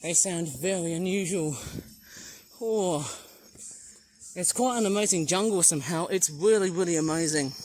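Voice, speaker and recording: Aussie-sounding nature vlogger on a jungle walk, super excited, oh my gosh every few secs, faint insects behind. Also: medium pitch, normal speed, slight background noise. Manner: excitable, marvelling, exclaims often. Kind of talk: walking nature vlog commentary. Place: outdoor jungle trail near a waterfall.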